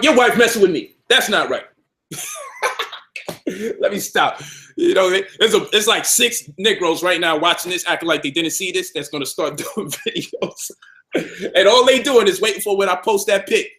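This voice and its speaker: A man from Brownsville, Brooklyn, New York, speaks to camera about health and his community as a conscious-community speaker. His voice is high and sharp, and his monologue is emphatic and combative, repeating points for stress.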